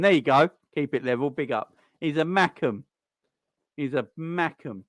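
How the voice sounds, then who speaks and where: A man talking casually through a live football watchalong, rambling and answering his viewers between the action. His voice sits at an ordinary middle pitch. It is picked up dry and close, with no room sound around it. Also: lively intonation, moderate pace, dry recording. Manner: chatty and rambling, greets viewers and answers chat. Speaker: live-stream host.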